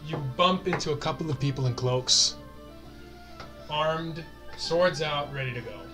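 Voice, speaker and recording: A man's voice: on the high side, measured pace. A man narrating as game master, describing scenes step by step and laughing along with his players. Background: background fantasy music.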